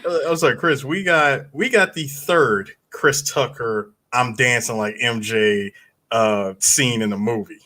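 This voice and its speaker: A man co-hosting a podcast in casual chat, animated and quick to burst into excited exclamations. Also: medium pitch. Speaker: podcast co-host.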